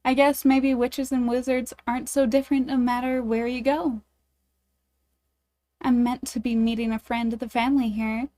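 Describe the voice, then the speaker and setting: A woman's voice: on the high side, little pitch movement, normal speed, dark tone. A woman streaming a dating game, reading it aloud and chatting with her viewers in a bubbly, giggly, self-deprecating way.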